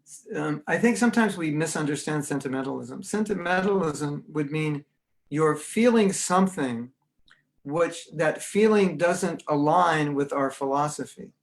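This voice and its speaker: With an unhurried pace, a slightly high pitch and some vocal fry, this man from the United States leads a casual spiritual lecture by video call. He's conversational and animated, slipping into the voices of the people he quotes.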